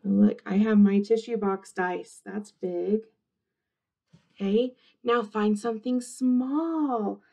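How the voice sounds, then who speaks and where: A woman kindergarten teacher reading an interactive movement book aloud to young children, animated and encouraging in a sing-song voice. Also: fairly high pitch, takes it slowly, vocal fry.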